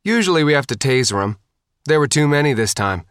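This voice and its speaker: A man narrating an audiobook, voicing a brisk, matter-of-fact woman soldier. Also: medium pitch, big pitch swings, a bit bright, clear, resonant tone, dry recording, studio quality, pitched above the performer's own voice.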